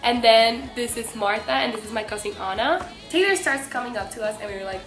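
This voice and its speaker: A young woman from Mexico excitedly telling a fan story to camera, breathless and bubbly, full of "like". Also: a little high, a little fast, hardly any pauses. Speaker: vlogger. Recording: echoey room with faint music.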